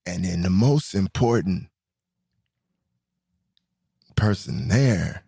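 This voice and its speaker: A man hosting a podcast in a comedic monologue, talking animatedly, swinging between high and low pitch and laughing often. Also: animated, drawn-out words, vocal fry, warm tone, husky. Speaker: podcast host.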